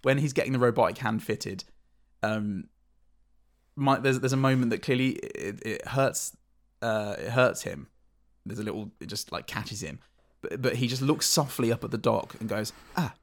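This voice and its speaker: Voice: medium pitch, moderate pace. A podcast co-host in casual film chat, rambling and correcting themself. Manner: rambling, self-correcting, laughs often.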